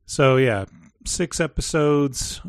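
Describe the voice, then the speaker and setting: A man's voice: mid-range voice, takes it slowly, clear, resonant tone, no echo, studio quality. A man hosting a podcast, chatting casually and jokingly as he rambles through a review. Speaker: podcast host reviewing a show. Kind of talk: casual chat.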